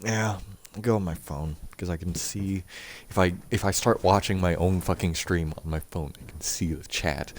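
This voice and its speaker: A man streaming a video game, chatting casually and rambling with lots of swearing. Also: low voice. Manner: profane, rambling, laughs at himself. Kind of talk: casual live-stream chat.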